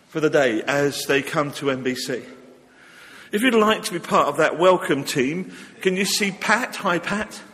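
A fairly high-voiced man leads a church service, chatty and informal with a touch of humor. His voice rings out in a church with a long reverb tail. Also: fairly bright tone. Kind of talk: leading a church service with notices and a psalm reading.

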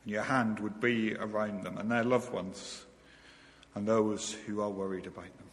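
A man leading a slow, gentle spoken prayer in church as minister, often repeating "Lord". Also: lowish voice, flat delivery. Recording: hall reverb.

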